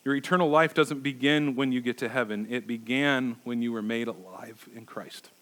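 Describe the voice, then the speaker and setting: A man's voice: mid-range voice, moderate pace, a bit bright. A middle-aged male pastor preaching a sermon, emphatic and repeating words for stress.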